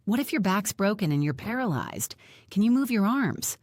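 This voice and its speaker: A woman's voice: medium pitch, big pitch swings, normal speed, darkish tone, no echo, clean studio sound, voice pushed up. A woman voicing a frightened, bossy daughter. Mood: worried. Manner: urgent, worried, bossy. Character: anxious young adult daughter tending her injured mother. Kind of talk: audiobook character voice.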